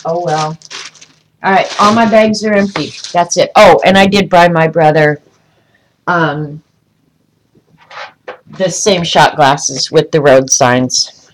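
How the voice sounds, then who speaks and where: A woman's voice: lowish voice, slow pace, pauses often, slight background noise, rough recording. Chatty woman livestreaming from home. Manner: chatty, rambling, talks to viewers by name. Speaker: vlogger showing travel souvenirs. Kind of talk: casual livestream chat. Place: room at home.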